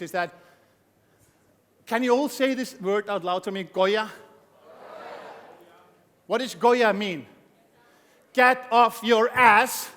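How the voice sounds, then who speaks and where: A man giving a motivational talk to an audience, energetic and joking, asking the crowd questions. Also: high voice. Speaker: motivational speaker. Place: event hall. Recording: long hall reverb.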